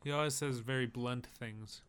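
A man co-hosting a podcast in casual chat, making dry, deadpan jokes. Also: medium pitch, normal speed, smooth. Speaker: podcast co-host.

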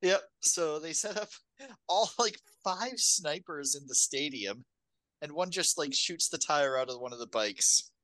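A co-host talks through a film plot on a relaxed podcast, mid-range in pitch. The humor is wry, and laughter comes easily. The recording is dry, with no room sound. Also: a little slow, no echo. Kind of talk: casual film discussion.

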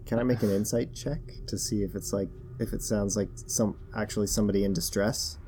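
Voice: low voice, fairly even intonation, brisk, mellow, slight background noise. A tabletop player who speaks practically and asks rules questions. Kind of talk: casual tabletop play.

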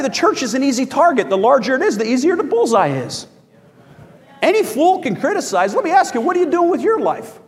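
Brief: high-voiced male pastor, lively, calls for amens, church reverb. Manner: animated, rising to shouts, asking the congregation for amens. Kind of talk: sermon.

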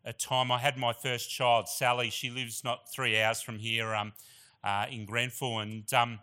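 A middle-aged Australian man gives a sermon in a church, moving between chatty personal stories and earnest appeals to the congregation. His voice is bright and forceful, and he talks with open emotion. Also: mid-range voice, little pitch movement, a little slow, clear, resonant tone. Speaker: guest preacher.

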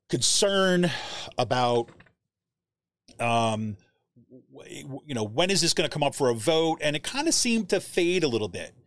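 A man hosting a live commentary show, reading quotes aloud and keeping them going with frequent rhetorical questions. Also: fairly high pitch. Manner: animated, keeps asking "right?", reads quotes aloud; searches through documents while talking, trails off.

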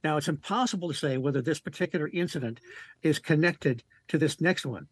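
A man, a regular on a talk show, relaxed and storytelling with many fillers as he gives a report. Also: on the high side, fairly quick, breathy edge, dry recording. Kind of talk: casual radio talk and report.

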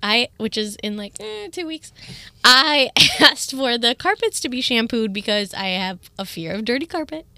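A woman co-hosting a radio show, playful and giggly, blurting out quick answers. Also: fairly high pitch, big pitch swings, pushed and bright, no echo. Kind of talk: casual studio banter.

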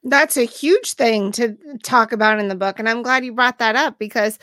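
Woman host, bright and higher-pitched, agreeable, dry close sound. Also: moderate pace, dry recording. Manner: frequent agreeing backchannels. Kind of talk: conversational interview.

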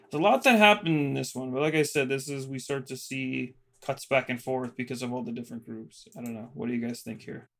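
A man co-hosting a podcast, casually recapping episodes in a loose, rambling way full of fillers and quickly paraphrased quotes. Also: mid-range voice. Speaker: podcast co-host.

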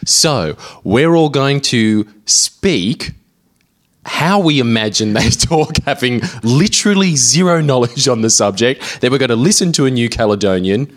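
A man co-hosting a comedic podcast, talking in a quick, wry way and laughing often. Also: medium pitch, animated. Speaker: podcast co-host.

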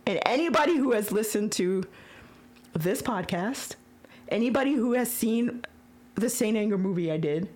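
A woman hosting a podcast, retelling a story in casual chat, excitable and emotional with frequent stammers. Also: medium pitch, normal speed. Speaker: podcast host.

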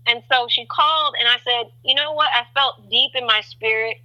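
Bright-voiced woman telling a faith story. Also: a little high, normal speed, rough recording. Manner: animated storyteller, acts out quotes. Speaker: guest. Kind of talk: sharing a faith testimony in conversation.

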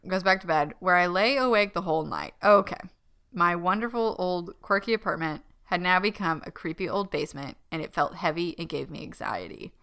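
Woman co-host, relaxed and giggly, smooth bright tone, loose filler-heavy delivery. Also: fairly low pitch, a little fast. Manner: laid-back, giggly, lots of likes and fillers. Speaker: podcast co-host. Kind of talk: casual chat, reading a listener story.

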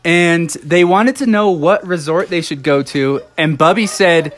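A man's voice: fairly high pitch, a little slow, fairly bright tone. A man telling an improvised children's story live, rambling along with fillers and self-corrections.

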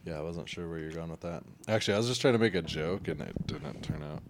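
A man's voice: deep voice, fast talker, background noise. A man co-hosting a podcast, joking crudely and laughing at himself, with frequent swearing. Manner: self-mocking, laughing, swearing. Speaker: podcast co-host. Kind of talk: crude casual banter.

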